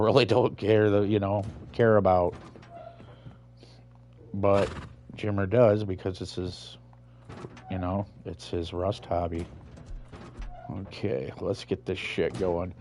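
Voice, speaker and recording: A man with a low voice rambles through his gameplay at an unhurried, drawling pace. He swears constantly but stays laid-back and chatty, like a host talking to his regular viewers. A faint hiss sits underneath. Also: a little mellow. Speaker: gaming channel host. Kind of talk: casual gameplay commentary.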